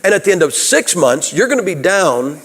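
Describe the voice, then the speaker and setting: A man's voice: high-pitched, big pitch swings, moderate pace, a bit bright, slight background noise. Folksy preacher man in a reverberant church. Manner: folksy, conversational, asks the audience questions. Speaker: Baptist preacher. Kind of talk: sermon. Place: church sanctuary.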